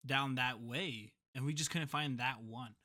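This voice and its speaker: Bright-voiced man telling a story. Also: medium pitch, measured pace. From a reservation community. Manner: rambling, laughs often, acts out quotes. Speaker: podcast co-host. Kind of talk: casual storytelling chat.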